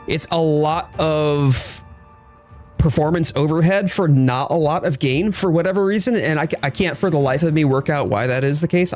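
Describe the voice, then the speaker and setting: A man streaming a game, chatting casually and thoughtfully with his viewers while he plays. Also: on the high side. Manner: thoughtful, hedging, reads chat aloud. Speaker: gaming streamer. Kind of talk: casual live-stream chat.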